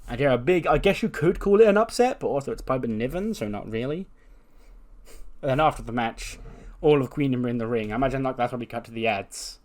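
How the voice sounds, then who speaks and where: A man's voice: medium pitch, animated, quick pace, a little mellow. A man casually narrating a wrestling sim game in a rambling, amused way. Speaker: game streamer.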